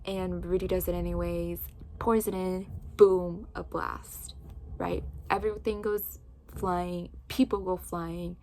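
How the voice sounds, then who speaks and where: A woman recapping a book's plot in casual chat, telling it with lively energy and many fillers like "like". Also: lowish voice, a little slow, slight background noise. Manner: animated storytelling with frequent "like". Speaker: book reviewer.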